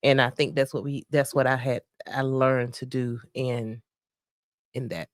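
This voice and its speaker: A woman co-hosting a faith-based marriage podcast, talking softly and reflectively with many pauses and fillers. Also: very deep voice, steady tone, dry recording, clean studio sound. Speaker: podcast co-host. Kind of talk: casual faith-based chat about marriage.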